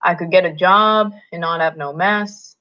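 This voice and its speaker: A woman voicing a weary, tough ranch hand who speaks flatly and quietly, in a slightly muffled recording. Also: on the low side, measured pace, lightly acted. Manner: flat, quiet, terse.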